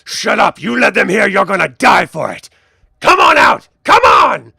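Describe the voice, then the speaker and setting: A man's voice: on the high side, measured pace, creaky, fairly bright tone, no room sound, studio quality. A man voicing a sinister, red-robed male cultist who taunts and threatens. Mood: shouting threats. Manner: menacing, taunting.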